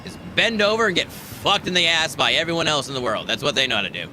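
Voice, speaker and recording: A man's voice: on the high side, animated, fast talker, pushed and bright, a little hiss or hum. An American man streaming a space game, chatting casually and joking with heavy swearing. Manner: profane, joking banter. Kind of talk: casual gameplay chat.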